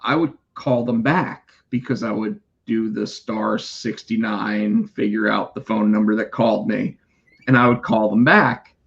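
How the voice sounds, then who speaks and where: A man telling a work story in casual chat, animated and profane, putting on voices for the callers. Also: fairly low pitch, a little slow, vocal fry. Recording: dull lo-fi sound.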